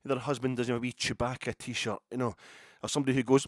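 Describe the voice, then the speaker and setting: A man's voice: medium pitch, steady tone, quick pace, no room sound. A Scottish man hosting a football podcast alone, talking in a sardonic, rambling way into a close mic. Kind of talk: solo podcast monologue.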